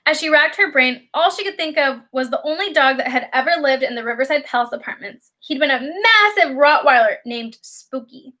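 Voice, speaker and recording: A woman reading a children's novel aloud as an audiobook narrator, in expressive, lively storytelling. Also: high-pitched, brisk, hardly any pauses.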